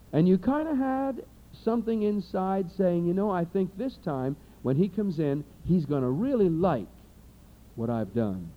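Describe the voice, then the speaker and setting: A male preacher delivering a sermon with a high, lively voice that swoops up and down as he acts out little scenes for his listeners. The recording is dull and lo-fi, with the top end muffled.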